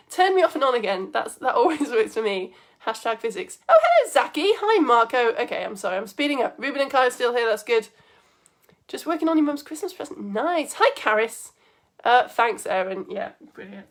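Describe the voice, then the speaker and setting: Young woman, science teacher, chatty and upbeat, slightly high voice. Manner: chatty, bubbly, greets viewers by name. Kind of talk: live online lesson for children.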